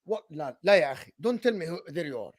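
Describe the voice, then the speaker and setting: A young man with an Egyptian accent hosting casual football talk, animated and sarcastic, slipping into Arabic phrases. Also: on the high side, rapid-fire, no echo, clean studio sound. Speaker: football channel host.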